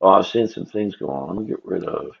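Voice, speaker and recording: A fast-talking man with a deep, husky voice and vocal fry draws on a livestream, rambling casually to himself and the people watching. The recording is dull lo-fi stream audio.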